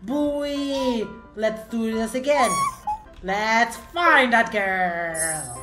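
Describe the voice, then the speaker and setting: A woman's voice: on the high side, expressive, drawn-out words. A woman voicing a gleeful, hungry cat monster in a playful game role-play, giggling, meowing and taunting. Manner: giggly, meows between lines, taunting. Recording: echoey room with loud game music.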